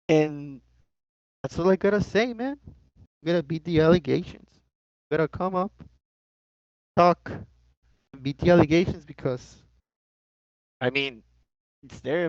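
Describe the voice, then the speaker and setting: A fairly high, gravelly male voice telling a profane story on a podcast. He is animated and swears a lot. The dry, dull lo-fi sound has no room to it. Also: no room sound. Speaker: guest co-host.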